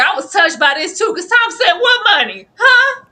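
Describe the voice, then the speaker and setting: A woman co-hosting a TV recap show, animated and laughing, swinging from hushed asides to loud outbursts. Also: very high-pitched, normal speed. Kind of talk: casual chat reviewing a TV episode.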